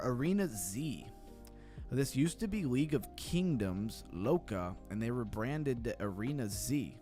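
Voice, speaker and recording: A man's voice: medium pitch, a little mellow. Blunt, skeptical male livestream host. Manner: blunt, skeptical, chats with viewer comments. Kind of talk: casual livestream commentary.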